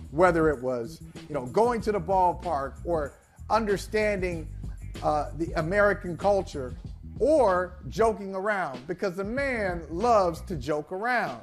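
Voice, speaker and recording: High-voiced man telling stories. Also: a little slow, soft background music. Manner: animated storyteller, laughs while telling anecdotes. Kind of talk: casual sports talk show chat.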